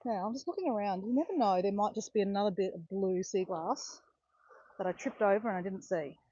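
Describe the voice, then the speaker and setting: A woman chatting excitedly to live viewers on a phone while walking outdoors on a beach. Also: mid-range voice, brisk, no room sound. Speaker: walking vlogger on a live stream. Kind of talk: casual chat to live viewers. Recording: dull lo-fi phone audio.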